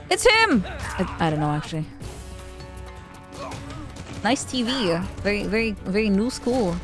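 Woman, playful game streamer; giggly, stammery, very animated pitch, slow-paced chat. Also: over music. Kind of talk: live game commentary.

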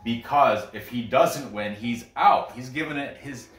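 An excitable man talks through fight picks in a loose, bragging way, often restarting his sentences. His voice sits at an average pitch. He sounds a bit away from the mic, in an echoey room. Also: unhurried, distant mic. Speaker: MMA picks video host. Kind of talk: casual solo commentary.

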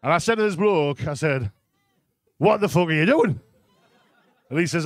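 Performing live stand-up in a comedy club, a Geordie man tells a crude story and keeps tossing "right?" at the audience. His voice sits on the high side, expressive, at a normal speed broken by long pauses.

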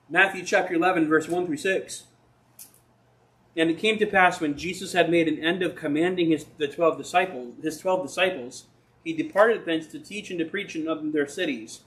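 A man's voice: a little high, moderate pace, fairly bright tone. A man preaching a sermon as pastor, talking conversationally and acting out people's questions to God.

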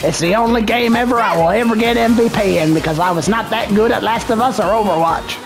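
A man giving casual gameplay commentary, excitable and full of profane trash talk. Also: high voice, fast, creaky. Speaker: gamer streaming gameplay. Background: game music.

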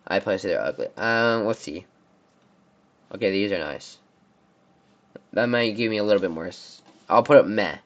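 A man's voice: lowish voice, moderate pace, pauses often, lo-fi sound. A young man from the United States giving casual, rambling commentary on car brands, often stumbling over names. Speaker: car reviewer. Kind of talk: casual commentary on a tier list.

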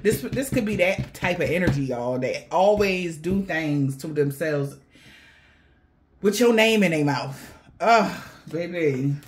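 A woman giving a casual tarot reading to her viewers, animated and slangy, swearing and laughing often. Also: sits low, measured pace. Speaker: tarot reader.

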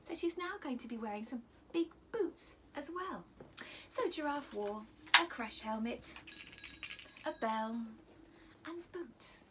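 A woman teacher reading a picture book to children, animated, asking them questions and often dropping to a whisper. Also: sits high, slow, background noise.

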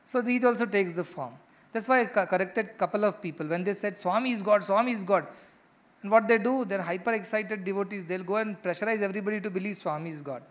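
A man's voice: high voice, quick pace. A middle-aged man with an Indian English accent giving a spiritual discourse, emphatic, firing rhetorical questions and repeating key phrases. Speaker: spiritual teacher. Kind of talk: spiritual discourse to ashram residents.

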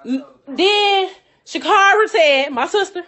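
A woman's voice: very high-pitched, expressive, slow, fairly bright tone. A woman delivering a heated, profane rant, cursing and laughing through her anger. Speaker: friend telling her side.

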